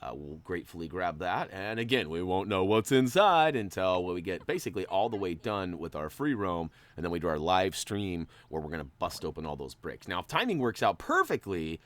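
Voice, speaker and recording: Low-voiced, very animated gaming host. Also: male voice, a little fast, few pauses, dry recording. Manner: chatty and playful, jumps up in excitement. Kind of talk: casual gameplay commentary.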